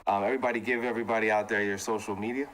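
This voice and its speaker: A man's voice: on the low side, steady tone, very fast, fairly bright tone. A man hosting a casual panel chat, signing off a live show with loose, rambling remarks and fillers. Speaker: podcast host and producer.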